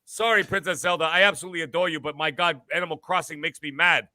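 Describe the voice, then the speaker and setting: A man co-hosting a podcast, ranting loudly with crude jokes in casual banter. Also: a little high, fairly even intonation, fast, dry recording. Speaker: podcast co-host.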